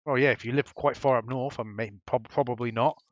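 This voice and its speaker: A man's voice: medium pitch, fairly even intonation, brisk, dry recording. Rambling man with a dry, dull mic. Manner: rambling, swearing, chatty asides. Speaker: gameplay commentator. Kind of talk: casual game commentary.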